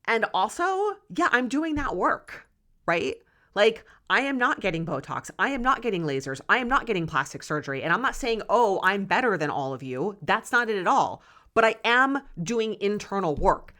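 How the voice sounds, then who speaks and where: A woman's voice: fairly high pitch, very animated, moderate pace, sharp tone. A woman in her forties hosting a solo podcast, talking candidly and passionately and swearing freely. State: close to tears. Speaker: podcast host.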